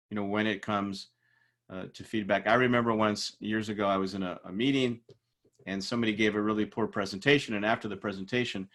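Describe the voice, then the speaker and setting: A middle-aged man teaching a class in a casual lecture style, telling workplace stories and acting out the people in them. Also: on the low side. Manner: animated storytelling, acts out quoted people. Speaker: instructor. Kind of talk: informal lecture with anecdotes.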